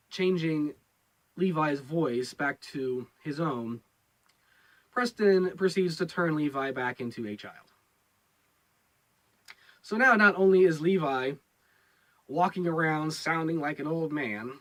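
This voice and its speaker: A man's voice: a little high, fairly bright tone, poor audio. Rambling man reviewing a show. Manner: rambling, repeats words, many fillers. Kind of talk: casual episode review.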